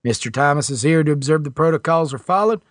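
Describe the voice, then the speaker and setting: A man voicing a brisk older country doctor with a slight country accent. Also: a little high, animated, no room sound, studio quality, lightly acted.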